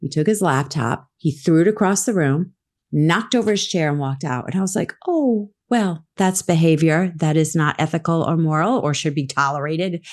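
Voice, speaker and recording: A woman with a low voice tells her story as a podcast guest. She is middle-aged and animated, and she voices the lines of the people she quotes. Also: moderate pace. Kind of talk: storytelling in a conversation.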